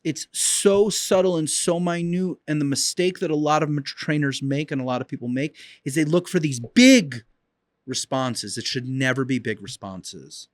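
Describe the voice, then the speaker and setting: A man's voice: a little high, lively intonation, normal speed, no echo, studio quality. A man teaching as a dog trainer in an instructional video, talking emphatically and repeating key points.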